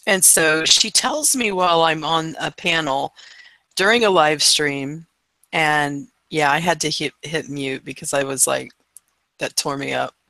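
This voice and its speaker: A woman's voice: deep voice, measured pace, sharp tone, no echo. A woman hosting a casual live stream chat, chatty and laughing often.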